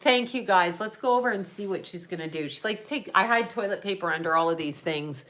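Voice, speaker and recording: A woman's voice: medium pitch, fairly quick, few pauses, a bit bright. A woman hosting a casual livestream, rambling and trailing off as she chats with viewers. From United States. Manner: rambling, trailing off, chatting to viewers and her cat. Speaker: psychic livestream host.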